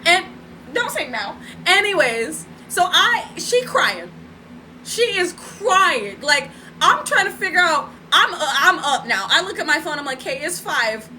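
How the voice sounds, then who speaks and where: A woman's voice: high voice, very animated, normal speed, bright, forceful tone, slight background noise, rough recording. A woman telling a story in a casual live stream from home, chatty, laughing and talking to her viewers. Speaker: spiritual vlogger. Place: home room.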